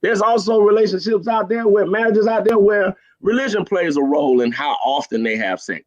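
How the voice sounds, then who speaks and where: A man's voice: sits high, fairly quick, darkish tone, lo-fi sound. A man arguing in a heated call-in debate, stammering over his words and speaking bluntly in slang. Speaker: panelist in a debate.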